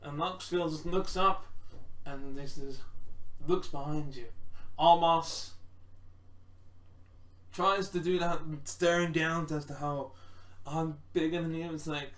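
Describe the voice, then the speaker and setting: A man's voice: on the high side, fairly even intonation, takes it slowly, pauses often, fairly bright tone. A man rambling casually through wrestling predictions, full of restarts and acted-out quotes. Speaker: wrestling fan predicting matches. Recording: roomy echo, distant from mic.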